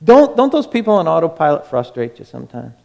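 A man preaching a sermon with fervor, moving between loud urging and a soft hush. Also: on the high side, very animated, fast, gravelly, big-room sound.

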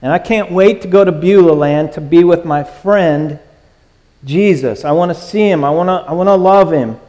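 A man's voice: a little high, moderate pace, dark tone, long reverb tail. A man preaching a sermon as pastor, earnest and emphatic, with many filler "uh"s.

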